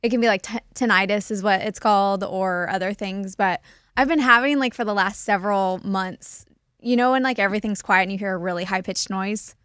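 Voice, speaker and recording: A woman's voice: medium pitch, fairly quick, fairly bright tone, clean tone, no echo, clean studio sound. Chatty woman radio co-host. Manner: chatty, giggly, filler-heavy. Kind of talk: casual morning show banter.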